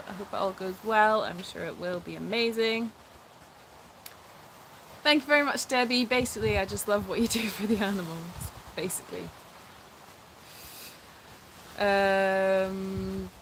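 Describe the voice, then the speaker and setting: A woman's voice: mid-range voice, normal speed, a bit bright, a little hiss or hum, low-quality recording. A woman with a Scottish accent co-hosting a casual live stream from an animal sanctuary, reading out viewer comments and answering them with frequent laughs. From Scotland.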